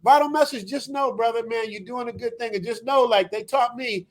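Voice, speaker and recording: High-voiced man giving rambling shout-outs. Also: fairly quick. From US West Coast. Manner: rambling, heartfelt hype-man talk with many restarts. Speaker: podcast panel guest. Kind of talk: casual group chat.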